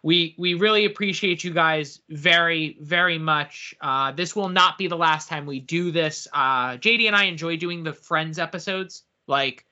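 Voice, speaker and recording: A man co-hosting a casual podcast, talking in an excitable, animated way. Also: a little high, moderate pace, hardly any pauses. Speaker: podcast co-host. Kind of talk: casual chat. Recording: dull lo-fi audio.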